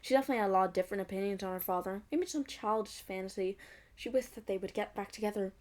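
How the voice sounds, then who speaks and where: A woman's voice: mid-range voice, very fast, a little mellow. A young woman reading a fan fiction aloud, breaking off into giggly, mocking asides. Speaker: fanfic reader.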